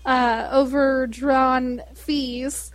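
A woman's voice: high-pitched, very slow. A woman hosting a casual chat, telling stories with lots of laughter and acting out customers. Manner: animated storyteller, laughs often, mimics callers.

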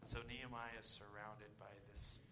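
A man's voice: fairly low pitch, little pitch movement, moderate pace, noisy background. A man preaching a sermon, earnest and often repeating his words, sometimes dropping almost to a whisper. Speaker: pastor.

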